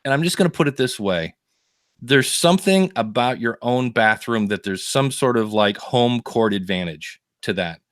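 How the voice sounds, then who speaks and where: A man hosting a podcast, telling animated stories in casual chat and acting out the people he quotes. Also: mid-range voice, normal speed, no room sound, clean studio sound. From United States. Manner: animated storyteller, acts out quoted voices. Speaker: podcast host.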